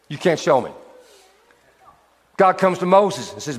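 Animated preacher in an echoey hall. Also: male voice, on the high side, slightly rough. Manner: animated preaching, acting out biblical figures in quick voices. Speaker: pastor. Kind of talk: sermon. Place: church hall.

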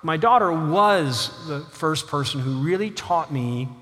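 A middle-aged man spins funny family anecdotes on a lecture stage, laughing easily at himself. His voice is high and bright, and it rings with the long echo of a big hall. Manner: animated, self-deprecating, quick to laugh. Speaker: author giving a lecture. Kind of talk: humorous storytelling to a live audience.

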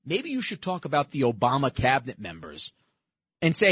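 A man's voice: mid-range voice, huge pitch swings, brisk, a bit bright, slightly rough, dry recording. A man hosting political talk radio, sarcastic and emphatic as he rants and takes callers. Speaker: radio talk show host.

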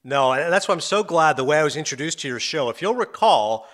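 Bright, animated middle-aged man. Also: fairly high pitch, fairly quick. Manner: animated storyteller, laughs often, acts out quotes. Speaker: sports broadcaster and podcast host. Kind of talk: casual interview chat.

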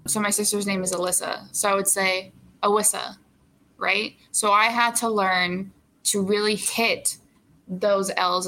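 A young actress as an interview guest, chatting casually with lots of fillers and frequent laughter. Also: female voice, medium pitch, sharp tone.

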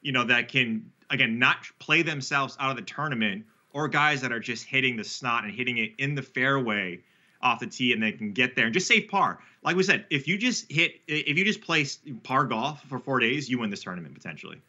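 A man's voice: mid-range voice, animated, a little fast, sharp tone, highs cut off. A man talking through betting picks in a casual podcast chat, rambling and correcting himself with fillers. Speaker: sports betting analyst guest.

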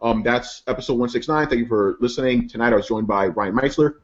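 A man's voice: mid-range voice, fast talker, highs cut off. Queens-accented podcast host man, swearing. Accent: New York (Queens). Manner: laid-back, swears freely, laughs often. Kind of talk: casual podcast chat.

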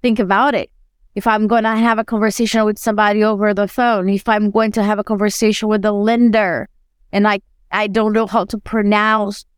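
A woman who is not a native English speaker, co-hosting a podcast and telling stories in an animated, self-deprecating way. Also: medium pitch, smooth, no echo, studio quality. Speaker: podcast co-host. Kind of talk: casual podcast conversation.

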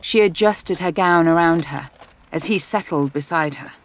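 An audiobook narrator reading a romance novel in an even, measured storytelling voice. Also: medium pitch.

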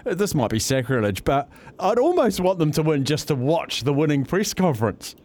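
Chatty New radio host. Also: male voice, on the high side, sing-song, normal speed, darkish tone. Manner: chatty, amused. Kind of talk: casual talkback radio chat.

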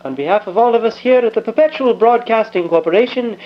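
A man's voice: sits high, fast talker, lightly acted. A man playing a formal, genial radio announcer who signs off the broadcast. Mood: courtly. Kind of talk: old-time radio sign-off. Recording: dull lo-fi old radio sound.

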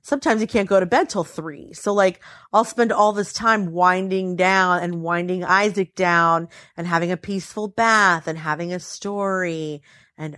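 Animated woman telling a story, dry sound. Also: normal speed, no room sound. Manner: animated, acts out quotes with pitch swings. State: tired. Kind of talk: casual storytelling chat.

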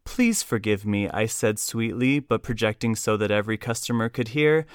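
A man's voice: lowish voice, expressive, moderate pace, few pauses, clean tone, no echo, clean studio sound. A man hosting a podcast, telling a story animatedly and reading aloud from a book. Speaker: podcast host. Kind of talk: casual conversational storytelling.

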